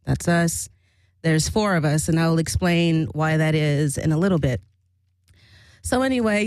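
A woman's voice: lowish voice, animated, a little slow, pauses often, no room sound. Rambling, laughing woman chatting to camera. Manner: rambling, frank and profane, laughs often. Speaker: vlogger recalling her old band. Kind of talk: casual chat to camera.

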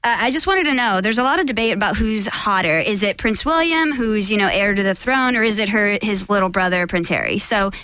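A woman's voice: medium pitch, animated, a little fast, few pauses, bright, forceful tone, smooth, no echo. A woman co-hosting a comedy talk show, playful and giggly. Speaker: co-host. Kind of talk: comedic podcast banter. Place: small studio.

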